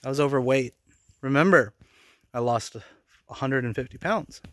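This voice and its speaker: A man's voice: mid-range voice, normal speed, no room sound, clean studio sound. A man in his forties telling personal stories in a casual vlog, blunt and profane, rambling with bursts of anger. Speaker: vlogger.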